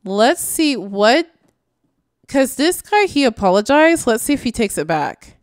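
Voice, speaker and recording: A woman's voice: on the high side, big pitch swings, unhurried, dry recording, studio quality. A woman giving casual, exasperated reaction commentary, slangy and tired late at night. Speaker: YouTube commentator.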